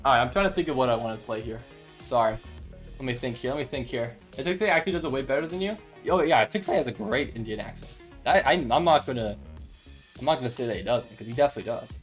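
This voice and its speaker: A man's voice: mid-range voice, expressive, fast, faint music behind. A young man streaming chess, chatting casually, self-deprecating and thinking aloud. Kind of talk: casual live-stream chat.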